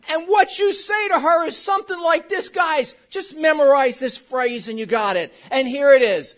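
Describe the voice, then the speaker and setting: A woman's voice: high voice, moderate pace, hardly any pauses. A woman pastor preaching a sermon, telling jokey stories straight to the congregation. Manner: animated, joking storytelling addressed to the congregation. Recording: muffled lo-fi recording.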